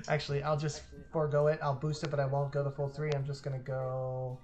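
A woman with a very deep voice hosts a board game session, chatting casually into her own streaming mic. She laughs often and talks through her moves as she thinks. Faint music plays under her voice. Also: level tone, moderate pace, darkish tone. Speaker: host and player. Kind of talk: casual chat while playing a board game.

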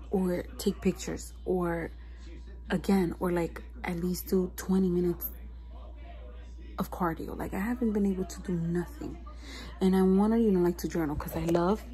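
Feeling stressed and low, a young woman chats casually to the camera in a confessional vlog, full of fillers like "like" and "you know what I mean." Her voice is fairly low and dark, and the recording is rough.

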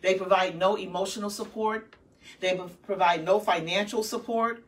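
A woman's voice: medium pitch, fairly even intonation, normal speed. Emphatic woman preacher, distant mic. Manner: emphatic preacher, acting out quoted voices. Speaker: minister and host. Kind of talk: preaching with Bible storytelling.

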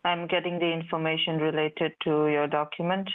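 A man's voice: fairly high pitch, level tone, moderate pace, clear, resonant tone. A man posing as a support agent on a call, evasive and stalling, repeating himself. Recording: tinny dry phone line.

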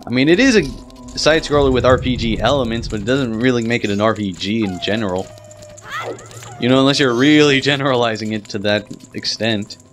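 A young man giving casual let's-play commentary, excitable and quick to swear and yelp when the game goes wrong. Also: mid-range voice. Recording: game music behind voice.

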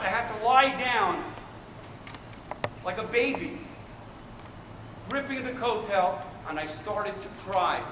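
A man performing an earnest Israeli paratrooper recalls his story in a slightly high voice, moving from urgent loud passages to hushed emotional ones. He is heard from far off in a large hall with a long echo, and a faint room hum sits under him. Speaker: stage performer. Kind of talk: dramatic first-person monologue.

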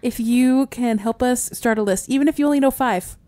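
A wry woman co-hosting a podcast in loose, casual chat. Her voice is a little high, and she often restarts her sentences. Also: fairly quick, warm tone. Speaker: podcast co-host.

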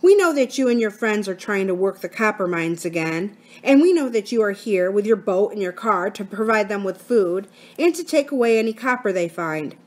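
A woman's voice: medium pitch, lively intonation, normal speed, few pauses, close to an everyday voice. A woman voicing an earnest, anxious schoolboy in a storybook reading. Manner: earnest, pleading.

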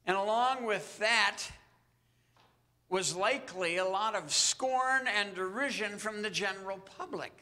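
A male pastor delivers a sermon in a high, very bright voice. He speaks slowly and earnestly, breaking his phrases with dramatic pauses.

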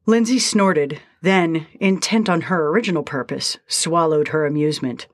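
A woman narrating a short story in a steady, measured reading style. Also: low-pitched.

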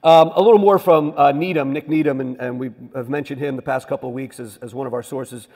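A man's voice: medium pitch, steady tone, fast, darkish tone, big-room sound. A man teaching a church history class in a conversational way, often asking the listeners rhetorical questions.

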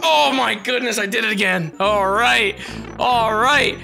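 A young woman giving live commentary on her gameplay, excitable and swearing often as she yells at the game. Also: a little high, measured pace, vocal fry, faint music behind. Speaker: gaming video host.

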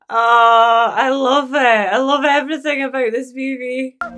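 A woman in her thirties, hosting a movie reaction in a gushing, exclamatory way and thinking out loud. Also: high-pitched, takes it slowly, soft background music. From Scotland.

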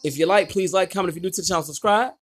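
A man hosting his gaming channel, giving live gameplay commentary in an excitable, slangy way and yelling at his teammates. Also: sits high, very fast.

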